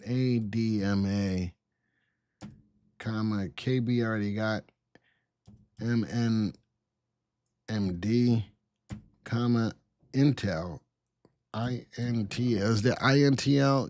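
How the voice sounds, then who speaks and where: A man hosting a live stock market stream, bantering with chat and spelling out ticker symbols in an excitable, teasing way. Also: mid-range voice, dry recording, studio quality.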